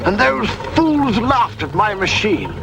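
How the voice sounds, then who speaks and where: A man's voice: high voice, big pitch swings, slow pace, vocal fry, pitched above the performer's own voice, heavily acted. A man playing a gleeful, boastful male inventor who hijacks people with his time machine, in a TV comedy sketch. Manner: cackling, boastful. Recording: TV sketch with loud music and audience laughter.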